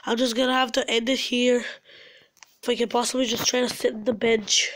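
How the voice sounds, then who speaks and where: High-pitched frustrated young woman gamer. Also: level tone, fairly quick, fairly bright tone. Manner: frustrated, ranting. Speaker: gaming channel host. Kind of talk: casual game commentary.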